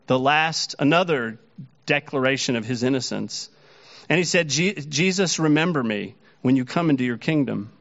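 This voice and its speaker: A man's voice: on the high side, animated, normal speed, fairly bright tone, dull audio. A man preaching a sermon earnestly, his voice rising when he quotes the mockers. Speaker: pastor.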